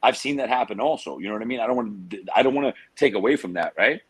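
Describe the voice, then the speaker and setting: A man's voice: medium pitch, expressive, breathy edge, low-quality recording. A man, a guest telling stories in a casual interview, streetwise and full of slang. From United States. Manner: streetwise slang, drawn-out tangents.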